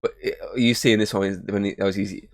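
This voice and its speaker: Fast-talking low-voiced man in casual chat. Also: steady tone. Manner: quick, swearing, laughs often.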